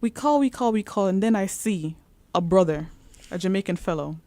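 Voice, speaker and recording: A woman's voice: mid-range voice, lively intonation, normal speed, mellow, no room sound. A woman co-hosting a radio show, telling a comic story with vivid, dramatic delivery.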